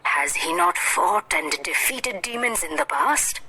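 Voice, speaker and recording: A woman reading the lines of a calm, reassuring royal mother in a storybook, measured and steady. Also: lowish voice, noisy background.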